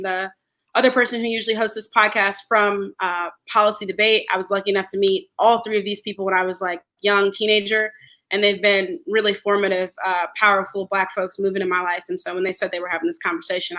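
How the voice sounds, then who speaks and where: A young woman in her twenties talking as a guest in a casual podcast chat, emphatic and wry, with quick asides. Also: mid-range voice, bright, forceful tone.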